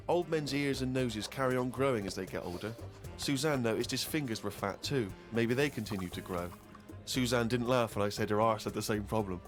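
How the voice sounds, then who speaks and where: A man co-hosting a comedy chat, reading a friend's diary aloud in a dry, deadpan way. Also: lowish voice. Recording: noisy studio recording.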